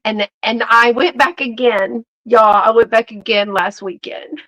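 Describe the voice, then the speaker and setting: A woman's voice: on the high side, fairly even intonation, a little slow, a bit bright, rough recording. A woman, chatting casually and bubbly with viewers as the host of a live reseller stream. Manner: chatty and bubbly, many fillers and restarts, addresses viewers as y'all. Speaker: YouTube vintage reseller hosting a live stream.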